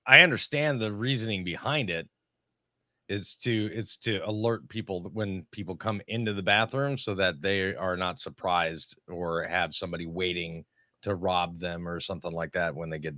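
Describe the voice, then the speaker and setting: A man with a lowish, bright, forceful voice, recorded dry and close to the mic. He teases the others dryly in a casual comedy podcast. When he explains something he stays plain and matter-of-fact. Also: normal speed, dry recording. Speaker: podcast co-host.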